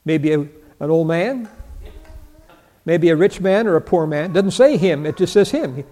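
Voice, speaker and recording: A man's voice: fairly high pitch, animated, measured pace, dark tone. An older man preaching a sermon, teaching Bible verses, asking his listeners questions, answering them himself and chuckling as he goes. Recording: long reverb of a large hall.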